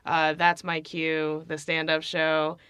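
A woman's voice: low voice, monotone, slow, fairly bright tone, clear, resonant tone, no room sound. A woman comedian and impressionist, chatting as a podcast guest in a bubbly way and laughing often. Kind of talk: casual podcast chat.

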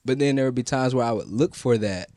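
A man co-hosting a faith podcast, talking in a relaxed, slangy, conversational way. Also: mid-range voice, fast talker. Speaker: podcast co-host. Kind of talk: casual chat about prayer.

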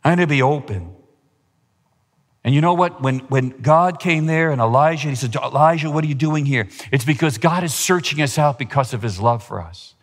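A man preaching a sermon in a church, impassioned, rising to a higher pitch at his climaxes. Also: normal speed. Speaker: pastor. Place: church sanctuary. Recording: long hall reverb.

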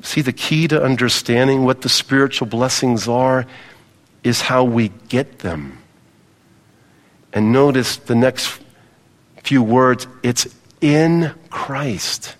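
A man's voice: medium pitch, slow pace, pauses often, big-room sound. A male pastor preaching a sermon, emphatic, repeating key phrases and calling on the congregation to respond.

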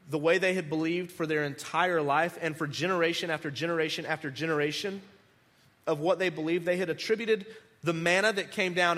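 A man preaching a conversational sermon, animated, restarting words and acting out the people he quotes. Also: fairly high pitch, long reverb tail. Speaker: pastor.

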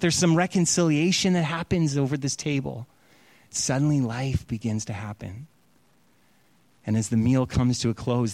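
A man's voice: a little high, no echo. A man preaching, animatedly retelling a story and acting out its quotes in a casual sermon style. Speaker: pastor.

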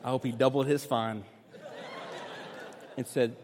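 A male pastor delivering a sermon, moving between loud, urgent preaching and relaxed, joking storytelling. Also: medium pitch, measured pace, pauses often, slight background noise. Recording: long hall reverb.

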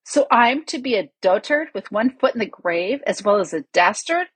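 A woman's voice: mid-range voice, expressive, moderate pace, slightly rough, dry recording. A woman voicing a blustering older male usurper king who roars at his lords in contempt. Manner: roaring, contemptuous.

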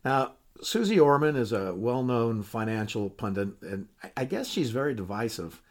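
A man's voice: medium pitch, expressive, normal speed. An older, retired man hosting a podcast in a folksy, candid, self-deprecating way, with frequent restarts. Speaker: podcast host. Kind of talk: casual podcast monologue.

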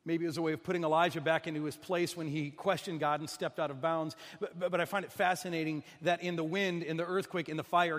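A man delivers a sermon, his fairly high voice ringing with a long reverb through a large hall. He swings between soft, hushed passages and loud, pleading emphasis, often repeating and restarting words as he goes. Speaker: preacher.

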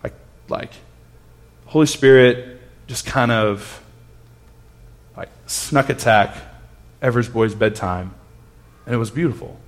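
A man in his thirties gives a conversational sermon at a mid-range pitch. He talks earnestly and stops to restart his sentences. At tender moments his voice drops to a hushed tone. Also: slow, pauses often. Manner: earnest storytelling with frequent restarts. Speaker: pastor.

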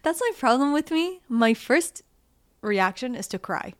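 A young woman co-hosting a casual couple's podcast, chatty and quick to laugh. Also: high voice, big pitch swings, no echo, clean studio sound. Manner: chatty, laughs easily, acts out quoted voices. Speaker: podcast co-host.

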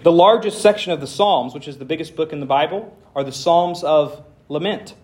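Higher-voiced man preaching with dry humor. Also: fairly quick, a little mellow. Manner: reads scripture aloud with dramatic emphasis. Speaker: pastor. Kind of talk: sermon.

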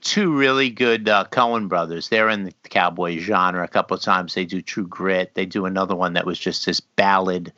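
A man chatting casually as a co-host, with a bright, forward tone. He swears often and rambles, trailing off and starting his sentences again. The recording sounds slightly dull and lo-fi, and the room is dry. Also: low-pitched, fairly even intonation, normal speed, hardly any pauses, dry recording. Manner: profane, rambling, trails off and restarts. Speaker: podcast co-host. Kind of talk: casual chat.

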